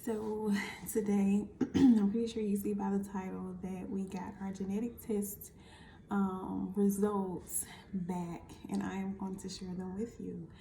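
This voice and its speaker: Chatty woman with a gravelly voice. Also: medium pitch, flat delivery, measured pace, mellow, echoey room, slight background noise. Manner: chatty storytelling, acting out quoted conversations. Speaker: vlogger. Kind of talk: casual chat to camera.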